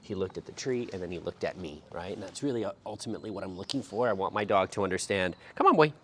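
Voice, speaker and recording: A man working as a dog trainer, explaining each step aloud outdoors while he drills a puppy, sometimes lifting into high sing-song praise. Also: fast talker, a little hiss or hum.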